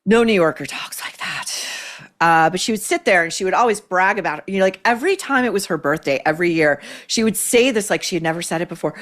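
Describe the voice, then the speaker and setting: A woman's voice: on the low side, lively intonation, fast talker, fairly bright tone. Blunt, sarcastic woman host. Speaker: podcast host. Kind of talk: opinionated commentary.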